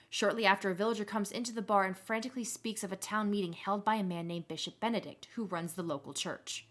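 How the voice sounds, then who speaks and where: Woman, game master, tabletop game narration, animated storytelling. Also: medium pitch.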